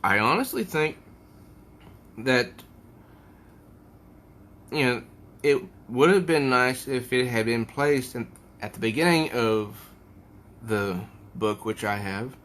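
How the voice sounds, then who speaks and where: Slow-talking man reviewing comics. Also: medium pitch, a bit bright. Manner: unhurried, musing, with hesitations. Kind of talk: casual comic review, reading aloud.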